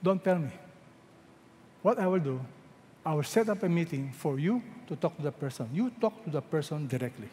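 A middle-aged Filipino-accented man preaches a sermon with a high voice. He fires questions at the congregation and draws scripture quotes out slowly. His voice rings with the long reverb of a large church hall. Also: animated, warm tone. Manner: calls out questions for the congregation to answer; slows right down when quoting scripture. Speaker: senior pastor.

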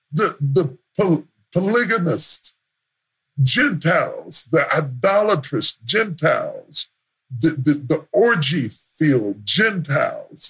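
A man preaching a sermon as pastor, building to shouts through repeated refrains. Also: a little high, slightly rough.

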